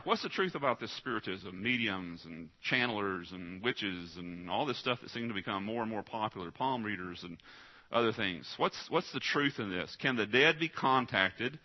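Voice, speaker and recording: A pastor preaching with direct, emphatic delivery, firing questions at his congregation. His voice sits at an ordinary male pitch. The recording is somewhat dull and lo-fi. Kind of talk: sermon.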